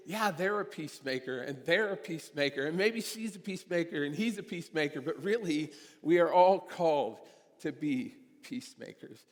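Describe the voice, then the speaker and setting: A man's voice: on the high side, sharp tone, in a large hall. A man preaching a sermon in a church, in a conversational, storytelling way with casual fillers. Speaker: guest preacher. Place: church sanctuary.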